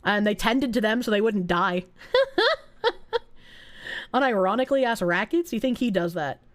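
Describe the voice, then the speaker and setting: A young woman with a Boston accent, streaming and chatting casually with her live chat, her voice a little rough from being sick, swearing and often breaking into high squeals. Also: normal speed. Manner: animated, swearing, frequent laughter, jumps to high squeals.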